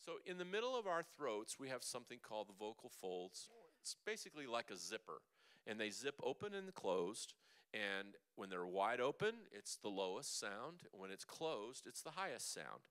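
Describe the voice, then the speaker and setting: A man teaching a vocal seminar as a coach, lively and chatty, demonstrating sounds with his own voice. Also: on the low side, normal speed, clean tone. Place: church hall.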